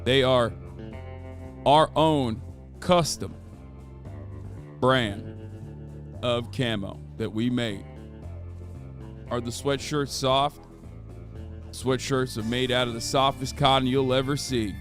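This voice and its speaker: A man's voice: medium pitch, fairly even intonation, slow, long pauses, faint music behind. A man livestreaming and chatting casually. He sounds exasperated, swears often and reads chat comments aloud. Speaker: livestreamer selling merch.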